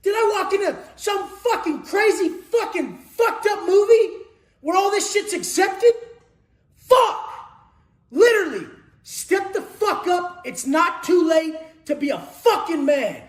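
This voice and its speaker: A man delivers a motivational rant in a very high, strained register, swearing constantly and taunting the listener. He often breaks into shouting. The recording has a roomy echo. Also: lively intonation, measured pace. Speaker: motivational speaker. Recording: echoey room.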